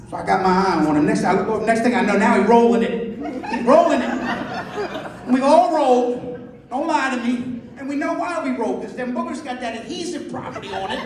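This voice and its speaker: High-voiced man doing crude stand-up. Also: lively intonation, a little fast, a crowd in the background. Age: 50s. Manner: crude storytelling, acts out dialogue. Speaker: stand-up comedian. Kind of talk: stand-up comedy set. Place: club stage with live audience. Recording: echoey hall from far off. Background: audience laughter.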